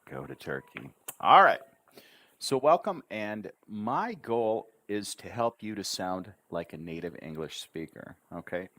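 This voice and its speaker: A man teaching an English lesson on a livestream, chatty and encouraging, drawing out words slowly syllable by syllable. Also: lowish voice, a bit bright, dry recording, clean studio sound. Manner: slow drawn-out syllable drills. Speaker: English tutor.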